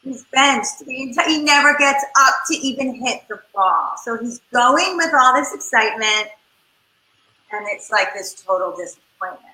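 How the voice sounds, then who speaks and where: Brief: woman family therapist, high-ish bright voice, animated, echoey room. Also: measured pace. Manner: animated, acts out parent and child voices. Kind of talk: interview advice talk.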